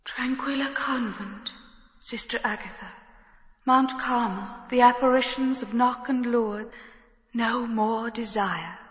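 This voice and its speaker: A lofty ethereal nymph. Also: female voice, fairly high pitch, slow, in a large hall, lo-fi sound. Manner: lofty, remote delivery. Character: lofty pure female nymph, ethereal and aloof.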